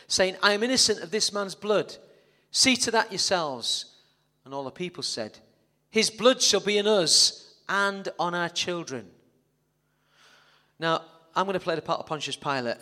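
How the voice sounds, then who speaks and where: This is a pastor whose voice runs a little high, pushed and bright, as he gives a sermon. He tells the tale dramatically with playful asides to the audience, and the church hall adds an echoey reverb.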